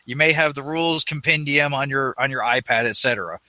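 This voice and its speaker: Very bright-voiced rambling man. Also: medium pitch, a little fast, no room sound. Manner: rambling, self-deprecating, laughs often. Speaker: podcast co-host. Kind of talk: casual podcast chat.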